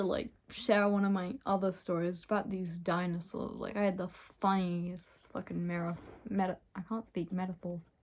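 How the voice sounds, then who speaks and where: A woman's voice: on the low side, little pitch movement, normal speed, few pauses, darkish tone. A young woman reading aloud stories she wrote as a child, breaking off for giggly, self-mocking asides. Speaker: reader of her childhood stories.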